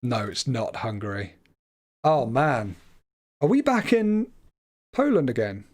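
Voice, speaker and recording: A man's voice: mid-range voice, wildly swooping pitch, takes it slowly. A man hosting a live stream, commentating a game as he thinks aloud in a chatty, hesitant way that often stumbles over his words. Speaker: livestream host.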